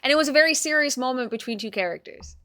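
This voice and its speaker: Brief: bright, sharp young woman streaming, close and dry on the mic. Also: high-pitched, animated, fast, no room sound. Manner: talks to herself and to chat, swears, swings loud. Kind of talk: casual chat.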